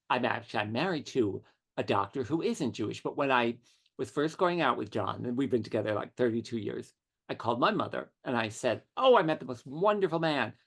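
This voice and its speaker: Middle-aged man, interview guest, witty animated storyteller, lively pitch, gravelly. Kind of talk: conversational anecdotes.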